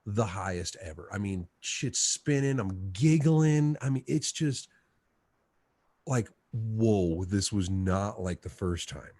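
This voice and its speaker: A man's voice: on the low side, slow pace, no echo. A man telling a story in a casual chat, full of laughter and swearing. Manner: laughing, profane, animated storyteller. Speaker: podcast guest.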